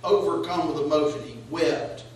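Man preaching, high voice, booming echo, distant from the mic, faint hiss. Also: moderate pace. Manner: preaching with rising, questioning cadence. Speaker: pastor. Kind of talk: sermon. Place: church sanctuary. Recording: echoey church hall, voice from far off.

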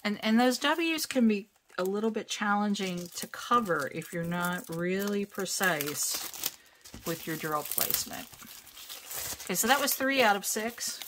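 A woman chatting casually at home as she unboxes diamond painting kits. She talks in a self-deprecating way, laughs often and thinks out loud. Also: lowish voice, a little hiss or hum. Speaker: crafting vlogger. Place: home crafting space.

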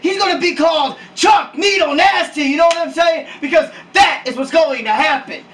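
A man playing a loud, hyped-up wrestling hype man. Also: very high voice, normal speed, heavily acted. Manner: shouty, excitable, slangy. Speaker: wrestling staff character. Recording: distant mic with hiss.

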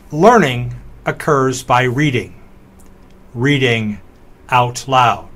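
A middle-aged man teaching a recorded slideshow lesson, slowly sounding out words syllable by syllable. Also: mid-range voice. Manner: slow, deliberate, sounding out words.

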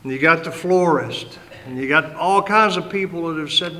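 A man's voice: on the high side, moderate pace, few pauses, sharp tone, slight background noise, poor audio. Older man preaching with fervor. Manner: emphatic storyteller who acts out quoted voices. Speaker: guest speaker and ordained minister. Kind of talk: impassioned preaching to a live audience.

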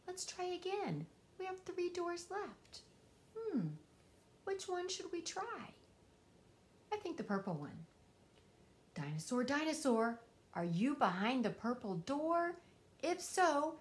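A young woman reading a picture book aloud to children in a sing-song, expressive way, sometimes dropping to a whisper. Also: sits high, slow. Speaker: storytime host.

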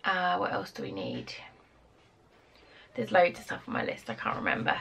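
A woman's voice: lowish voice, huge pitch swings, gravelly, a bit bright, slightly rough. A tired British woman vlogging at home, rambling chattily through her to-do list on a camera mic. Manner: chatty, rambling, quick asides. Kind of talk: casual chat to camera. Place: home, indoors.

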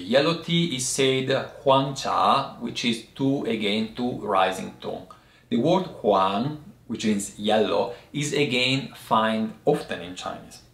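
A man's voice: mid-range voice, vocal fry. Man explaining tea words in an echoey room. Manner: patient, explaining step by step with frequent pauses. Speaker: tea teacher. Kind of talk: language and tea lesson.

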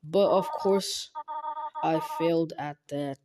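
A woman voicing a gentle, sorrowful motherly caretaker in a fan game, speaking softly and formally with halting apologies. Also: sits low, crowd noise, voice pushed down. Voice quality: soft, quiet and hushed. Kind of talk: fan game dialogue read aloud.

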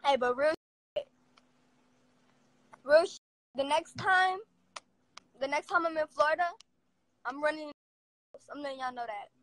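A woman ranting to camera in a confrontational, profane, rapid-fire way. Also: sits high, fairly bright tone, poor audio. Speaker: vlogger. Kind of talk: angry casual rant to camera.

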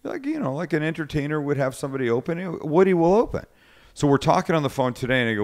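A man's voice: a little high, big pitch swings, brisk, darkish tone. Guy hosting a cooking livestream, rambly storyteller, keeps restarting and doing the other guy's lines. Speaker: cooking show host. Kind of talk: casual live-cast chat.

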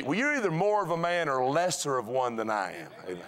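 A man's voice: fairly high pitch, big pitch swings, fast talker, few pauses, fairly bright tone. A man preaching a sermon in a church, folksy and storytelling, with repeated rhythmic phrases. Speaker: pastor. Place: church sanctuary.

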